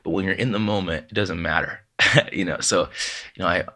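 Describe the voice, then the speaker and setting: A man, a podcast guest, telling heartfelt personal stories in a halting way, with many restarts and quoted voices of his parents. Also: deep voice, sharp tone. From Southern California. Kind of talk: emotional personal storytelling.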